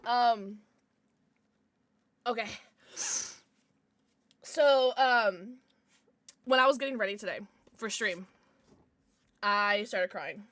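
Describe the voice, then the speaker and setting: A woman's voice: a little high, lively intonation, very slow, long pauses, fairly bright tone, no room sound. A young woman livestreamer chatting casually with her viewers, giggly and rambling, with lots of restarts and fillers.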